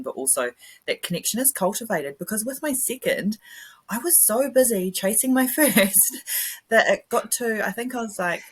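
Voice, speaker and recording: A woman's voice: deep voice, fairly bright tone, husky. A woman hosting a podcast interview, chatty and rambling, laughing often. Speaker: podcast host. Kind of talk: casual interview chat.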